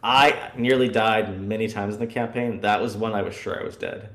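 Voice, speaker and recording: A man chatting as a podcast guest, recounting tabletop game moments with lively acted-out bits. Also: lowish voice, moderate pace, roomy sound. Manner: animated storyteller acting out scenes. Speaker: guest player. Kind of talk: casual podcast chat.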